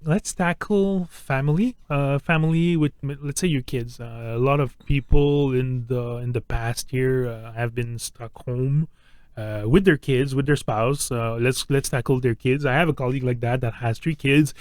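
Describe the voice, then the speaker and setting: A man's voice: medium pitch, fairly even intonation, moderate pace, darkish tone, no echo. Man, middle-aged, hesitant, restarts a lot, dry close mic. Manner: hesitant, many fillers and restarts, laughs easily. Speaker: co-host. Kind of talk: casual health chat.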